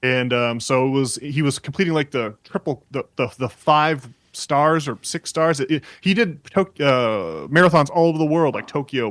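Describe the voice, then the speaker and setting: A man's voice: medium pitch, a bit bright, no echo. A man co-hosting a casual podcast, talking at length in a rambling way with many fillers and restarts. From New England. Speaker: podcast co-host.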